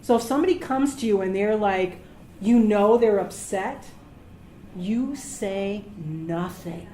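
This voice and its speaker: A middle-aged woman, a medical assistant, giving career advice to students as a lively storyteller who acts out the voices of people she quotes. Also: mid-range voice, slow pace. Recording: echoey room with faint noise.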